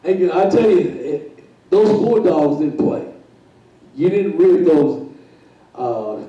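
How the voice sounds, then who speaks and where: On stage as a guest storyteller, a man with a high, mellow voice tells a comic story, chuckling, repeating himself and acting out the voices. He sits far from the mic in a very echoey room.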